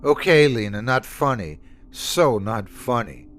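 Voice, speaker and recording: A man's voice: medium pitch, lively intonation, unhurried, a little hiss or hum, lightly acted. A man voicing a young woman passenger who talks in a mildly sarcastic, shaken way. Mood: scared.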